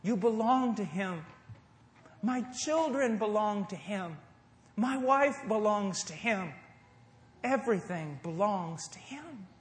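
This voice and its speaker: A middle-aged man from the United States preaching a sermon to a congregation, moving between loud emphasis and hushed, tender passages. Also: high voice, lively intonation, slow pace. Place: church service before a congregation. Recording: echoey hall.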